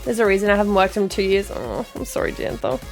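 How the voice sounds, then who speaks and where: A woman's voice: mid-range voice, fairly even intonation, fast, creaky, faint music behind. A woman streamer joking and chatting casually with her viewers. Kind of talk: casual live-stream chat.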